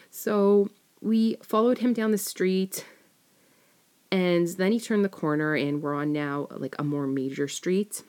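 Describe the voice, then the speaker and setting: Low-voiced woman telling a rambling story. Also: a little mellow. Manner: rambling, many fillers and self-corrections. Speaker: storyteller sharing a personal experience. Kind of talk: casual confessional storytelling.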